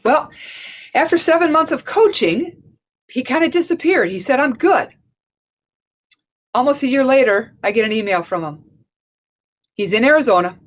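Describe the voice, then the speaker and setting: A woman's voice: high-pitched, moderate pace, pauses often. A middle-aged woman, a life and leadership coach, gives a conversational conference talk and tells a story, acting out the dialogue as she goes. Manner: conversational and animated, acts out dialogue in stories.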